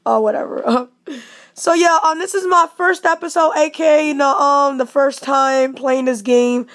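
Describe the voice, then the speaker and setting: A woman hosting a casual let's-play, excitedly reacting out loud to the game as she plays. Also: sits high, moderate pace. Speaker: gaming channel host.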